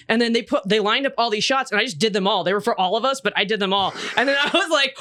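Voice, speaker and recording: A woman who is a podcast guest, telling stories in a fast, animated, profane way in casual chat. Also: medium pitch, dry recording.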